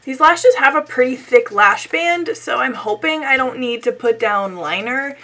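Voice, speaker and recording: Young female beauty vlogger, high and bright but hoarse and scratchy from illness; casual, chatty tutorial delivery. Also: animated, a little slow. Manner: chatty, self-deprecating, frequent "like". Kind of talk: casual makeup tutorial chat.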